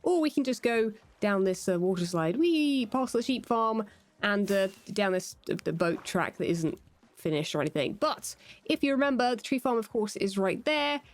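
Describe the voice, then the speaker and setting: A woman's voice: mid-range voice, expressive, normal speed. A British woman giving casual, playful gameplay commentary as a Minecraft YouTuber. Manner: chatty and playful.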